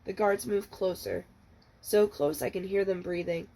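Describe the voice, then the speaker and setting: A woman librarian reading the first chapter of a novel aloud, in a steady, measured storytelling manner. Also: medium pitch, low-quality recording.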